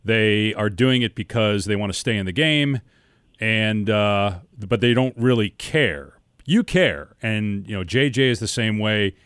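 A man hosting a sports podcast, asking questions in a relaxed, conversational way. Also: lowish voice, unhurried, clean tone, dry recording, clean studio sound. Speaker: podcast host and sports broadcaster. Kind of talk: casual interview chat.

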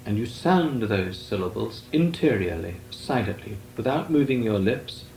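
An older man, a Benedictine monk, giving a measured, deliberate talk on meditation with long pauses. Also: fairly low pitch, expressive, vocal fry, a little mellow. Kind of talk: slow meditative spiritual talk. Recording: echoey room with faint noise.

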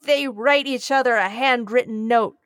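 A woman's voice: a little high, normal speed, no echo, studio quality. Effusive rambling woman podcast host. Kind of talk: casual podcast chat.

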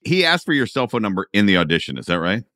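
A man's voice: lowish voice, very animated, fast, sharp tone, dry recording, studio quality. A man interviewing a guest, mostly giving brief reactions and short follow-up questions. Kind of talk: conversational interview.

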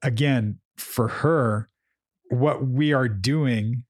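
A man's voice: medium pitch, extremely slow, no echo, studio quality. A man co-hosting a casual chat, explaining his coaching approach emphatically and often repeating words as he thinks. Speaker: podcast co-host, coach.

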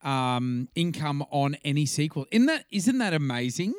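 A man's voice: fairly high pitch, very animated, normal speed, dry recording, studio quality. An Australian man co-hosting a podcast, chatting casually, swearing freely and laughing often. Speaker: podcast co-host. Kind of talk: casual chat.

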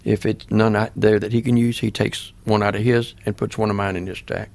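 Gravelly older man telling his story. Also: on the low side, flat delivery, a little fast, a little mellow, dry recording. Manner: plain-spoken, earnest, acts out remembered dialogue. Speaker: pastor. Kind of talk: personal storytelling in an interview.

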